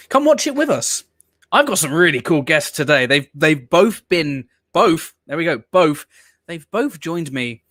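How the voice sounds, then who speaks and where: A man's voice: mid-range voice, fairly bright tone, no room sound, clean studio sound. A man hosting a casual live stream watch-along, talking in a theatrical, mock-weary way.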